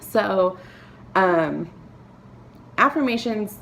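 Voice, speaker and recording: A woman talking to camera, giving earnest, encouraging advice with soft laughs and filler words. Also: mid-range voice, expressive, drawn-out words, creaky, slight background noise. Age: adult, a parent. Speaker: vlogger. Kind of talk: motivational talk to camera.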